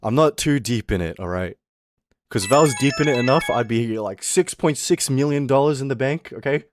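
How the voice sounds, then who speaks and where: Over music, a young VTuber with a medium-pitched, animated voice talks fairly quickly while streaming a game. His commentary is casual and rambling, full of self-mockery and frequent swearing.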